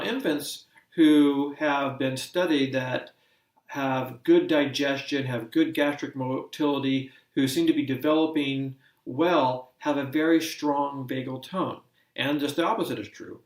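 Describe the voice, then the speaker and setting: A man lectures in a measured, explanatory way, the way an instructor walks a class through a topic. His voice sits at an ordinary pitch for a man. It is picked up from a distance in a space with a noticeable room echo. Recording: roomy sound from a distant mic.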